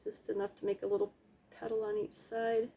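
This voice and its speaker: A woman's voice: medium pitch, level tone, brisk, dark tone, slight background noise. Woman chatting while she does a paint pour, goofy little sound effects, laid back home craft vibe. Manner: chatty, self-deprecating, hums and makes playful sound effects. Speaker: craft vlogger. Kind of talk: casual narration while painting.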